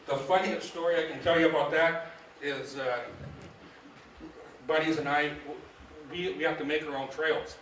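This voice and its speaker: Middle-aged fishing guide, folksy and animated storyteller, distant mic in a boomy hall. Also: male voice, normal speed, long pauses, slight background noise. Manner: folksy, animated, acts out quoted dialogue. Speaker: fishing guide giving a club talk. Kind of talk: casual storytelling to a club audience. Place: meeting hall. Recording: echoey room, distant mic.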